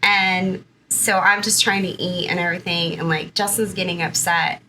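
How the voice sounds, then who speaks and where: As a guest in an interview, a Southern California woman in her thirties chattily tells her own story, packed with "like" and "you know." Her voice is fairly low, bright and forceful, at a moderate pace with fairly even intonation, on a low-quality recording with slight background noise.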